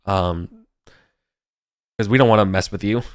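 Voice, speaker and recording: A man voicing rough, foul-mouthed male mercenary guards who swear and bicker in confusion. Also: lowish voice, a little slow, dry recording, clean studio sound, close to an everyday voice. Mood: conspiratorial.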